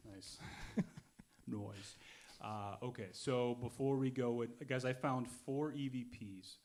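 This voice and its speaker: A man hosting a podcast, chatting casually and explaining things as he goes. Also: medium pitch. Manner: quick, chatty, explaining as he plays clips. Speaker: podcast host. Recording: loud background noise.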